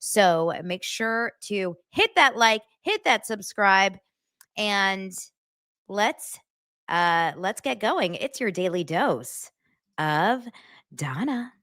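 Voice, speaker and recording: A woman hosting a casual pop-culture vlog, gossipy and animated, often repeating herself. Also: medium pitch, slow, dry recording, clean studio sound. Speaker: pop culture vlogger host. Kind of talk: casual chatty vlog monologue.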